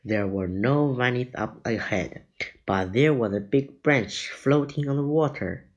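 A man reading a children's adventure book aloud, deliberate with small slips. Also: mid-range voice, dull audio. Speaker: reader.

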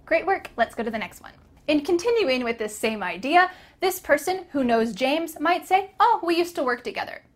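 A young American woman teaching English pronunciation, calmly modeling phrases in slow repeated drills. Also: high voice. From North America. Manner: slow drilled repetitions, light laughs. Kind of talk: spoken English lesson.

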